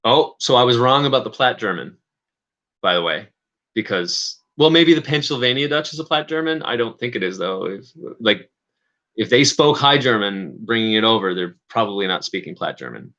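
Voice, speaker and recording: Low-voiced man rambling on a livestream. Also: animated, moderate pace, a bit bright, muffled recording. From Canada. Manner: rambling, hesitant, self-correcting with many fillers. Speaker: livestream host. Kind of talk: casual livestream chat.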